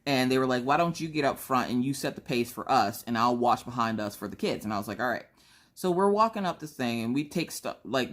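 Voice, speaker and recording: A woman, a young adult, casually chatting from home as a crafting channel host, telling a family story and acting out her own lines in a higher voice. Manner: animated, acts out her own quotes in a higher voice.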